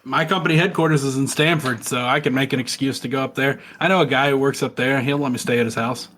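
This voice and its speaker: A man co-hosting a crude podcast, cracking quick deadpan jokes. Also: medium pitch. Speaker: podcast co-host. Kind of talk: crude casual podcast banter.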